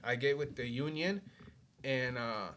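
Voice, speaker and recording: A man's voice: mid-range voice, a little slow, fairly bright tone, slight background noise. A man, telling his life story on a podcast in a laid-back way, swearing often and saying "you know" a lot. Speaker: podcast guest. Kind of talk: casual storytelling.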